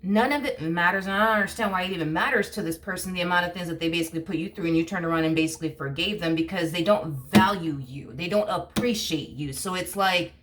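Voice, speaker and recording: A woman's voice: lowish voice, fast, hardly any pauses, fairly bright tone, distant mic, a little hiss or hum. A woman giving a tarot reading, ranting heatedly and swearing often as she gets worked up. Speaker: tarot reader. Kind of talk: casual tarot reading monologue.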